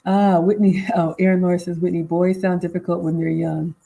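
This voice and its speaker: A woman's voice: fairly low pitch, little pitch movement, brisk, creaky, mellow, husky, poor audio. A woman in her forties hosting a casual live Q&A, reading viewer comments aloud and answering them conversationally. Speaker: livestream host and life coach.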